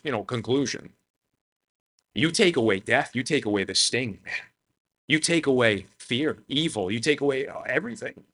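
Bright-voiced man preaching casually. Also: medium pitch. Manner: conversational, animated preaching with frequent "man" and "you know". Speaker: pastor. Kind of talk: sermon.

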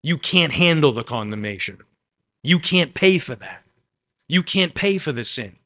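A man preaching a sermon, addressing the congregation directly and swinging between loud emphasis and quiet asides. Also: a little high, sing-song, unhurried. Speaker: pastor.

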